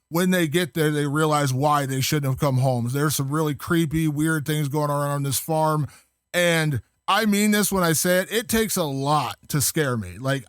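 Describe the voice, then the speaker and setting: A man with a fairly high voice talks casually as a podcast guest. He rambles with enthusiasm, full of fillers and restarts. The sound is dry and close. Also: clear, resonant tone, dry recording. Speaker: guest film critic.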